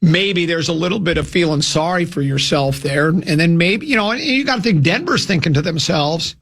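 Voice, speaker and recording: A man's voice: sits high, sing-song, moderate pace, gravelly, fairly bright tone, slightly rough. A man hosting a sports radio show, talking casually and rambling with restarts and dry self-mocking asides, from a studio microphone.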